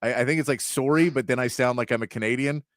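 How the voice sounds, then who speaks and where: A man's voice: mid-range voice, fast talker, no echo, clean studio sound. A man hosting a sports talk show, reading through lists of player names and chatting, sometimes tripping over a name. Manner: reads off long lists of names, stumbling on some. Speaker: sports radio host.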